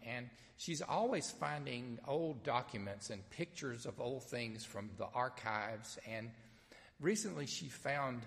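A man with a Southern accent, a pastor from Mississippi, preaching an Easter sermon in a folksy storytelling way with gentle humor. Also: mid-range voice, in a large hall. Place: sanctuary with only a few people present.

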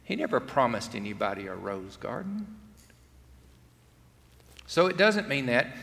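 A man's voice: medium pitch, vocal fry, fairly bright tone. A middle-aged man, preaching an earnest, conversational sermon and acting out quotes. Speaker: pastor. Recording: long hall reverb.

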